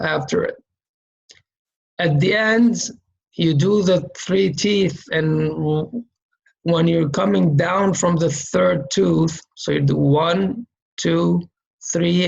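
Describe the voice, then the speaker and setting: In a recording with the highs cut off, a man with a fairly high voice and vocal fry walks through letter shapes and sounds one step at a time. He demonstrates each sound by saying it over and over, patiently pausing for an "okay?" along the way.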